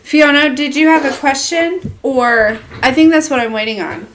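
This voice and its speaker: A woman's voice: high voice, moderate pace, fairly bright tone, slight background noise. A woman casually giving a tarot reading on a livestream, chatty and laughing often, with lots of fillers. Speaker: tarot reader.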